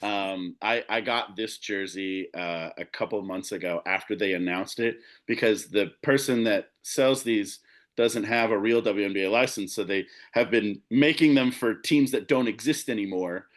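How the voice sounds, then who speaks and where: A man appearing as a guest on a podcast, chatting casually and enthusiastically about being a sports fan. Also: lowish voice. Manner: enthusiastic, quick asides with laughs. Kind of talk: casual chat.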